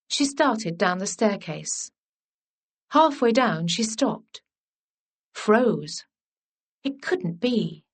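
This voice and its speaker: Slow, measured woman narrator. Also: medium pitch, sing-song. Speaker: audiobook narrator. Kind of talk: scripted romance narration.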